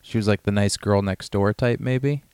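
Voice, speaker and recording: A man co-hosting a podcast, talking about a film in a relaxed, rambling way with lots of fillers. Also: fairly low pitch, moderate pace, clear, resonant tone, dry recording, clean studio sound. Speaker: podcast co-host. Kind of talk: casual film discussion.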